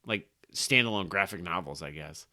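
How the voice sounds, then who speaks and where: A man co-hosting a casual comic book podcast, talking in an animated, excitable way and cracking quick jokes. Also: sits low. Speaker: podcast co-host.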